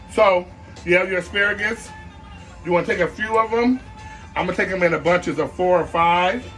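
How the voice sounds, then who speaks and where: A man's voice: high-pitched, sharp tone. A man hosting a comic cooking show, rambling playfully with asides while he chops vegetables.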